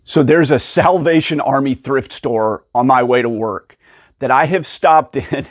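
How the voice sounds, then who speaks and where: A man casually telling stories about finding rare video games, acting out the people in them with sudden jumps in pitch and frequent laughs. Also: unhurried, no echo, clean studio sound. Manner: animated, acts out quoted dialogue with pitch jumps. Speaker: video game collector and channel host. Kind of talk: casual storytelling to camera.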